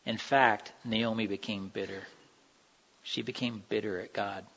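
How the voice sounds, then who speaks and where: A man's voice: lowish voice, fairly even intonation, unhurried, vocal fry, a bit bright, breathy edge. A man giving an earnest, conversational sermon. He acts out the quoted lines with feeling. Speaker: preacher. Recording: dull sound in a reverberant hall.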